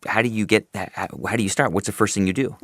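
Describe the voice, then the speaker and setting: A man's voice: fairly low pitch, fairly even intonation, fast talker, fairly bright tone, no room sound, clean studio sound. A man hosting an interview, asking curious, probing questions and rephrasing as he goes. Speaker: podcast host.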